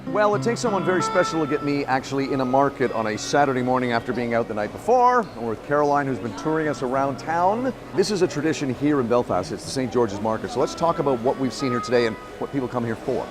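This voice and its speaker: A man's voice: medium pitch, lively intonation, fast, hardly any pauses, music in the background. A man hosting a travel show, giving wry, teasing commentary.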